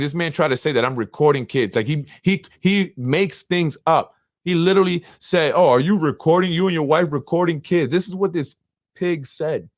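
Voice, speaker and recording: Fired-up New man ranting. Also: medium pitch. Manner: fired-up, blunt, rambling. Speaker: host of a local political show. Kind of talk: heated political commentary.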